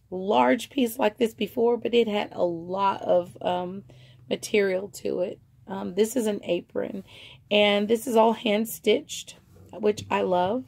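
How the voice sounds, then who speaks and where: A woman's voice: medium pitch, creaky, a little mellow. A woman selling vintage finds online, showing items in a casual, rambling, chatty way full of fillers. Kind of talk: casual show-and-tell.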